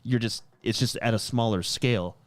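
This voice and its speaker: A man co-hosting a casual gaming podcast, talking in a relaxed, rambling way. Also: medium pitch, moderate pace, no room sound. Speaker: podcast co-host.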